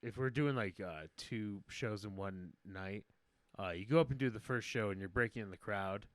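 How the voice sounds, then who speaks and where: A man's voice: fairly low pitch, normal speed, dry recording. A young man co-hosting a comedy podcast, joking and swearing in casual chat. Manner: jokey, swearing, lively bits.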